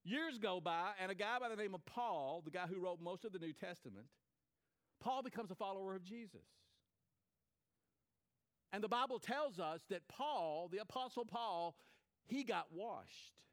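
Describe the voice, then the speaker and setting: A man's voice: high-pitched, lively intonation, moderate pace. A man preaching a sermon, retelling a story with repeated phrases and acted-out quotes. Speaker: pastor.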